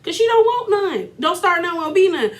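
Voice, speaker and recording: A woman's voice: very animated, normal speed. A woman voicing a fiery, protective older mother with an attempted Jamaican accent, speaking indignantly. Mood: fired up. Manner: indignant, high-pitched.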